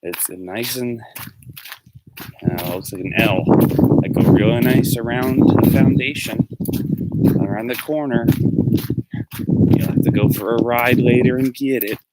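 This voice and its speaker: A man's voice: medium pitch, unhurried, long pauses. A man casually chatting with viewers while walking outdoors, rambling from topic to topic and answering them by name. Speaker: livestream host and musician. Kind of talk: casual chat on a walk. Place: outdoors, walking through a neighborhood. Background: faint street noise, dogs barking in the distance.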